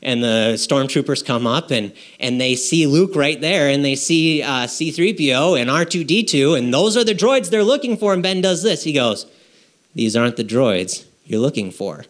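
A man's voice: fairly high pitch, animated, moderate pace, few pauses, a bit bright. A man preaching a sermon to his congregation in a conversational way, asking rhetorical questions and checking in with "okay?". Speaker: pastor. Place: church.

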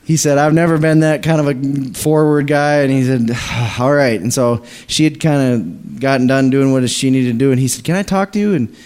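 A man's voice: medium pitch, little pitch movement, normal speed, hardly any pauses, darkish tone, smooth. A man telling a long faith story to a church, with many restarts, acting out the people he quotes. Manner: rambling, many restarts, acts out quoted voices. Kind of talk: animated storytelling in a church service.

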